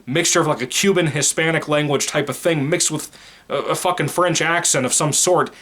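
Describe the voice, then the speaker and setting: A man's voice: fairly high pitch, normal speed, fairly bright tone. A man giving a casual spoken movie review in a blunt, opinionated, rambling way, swearing freely.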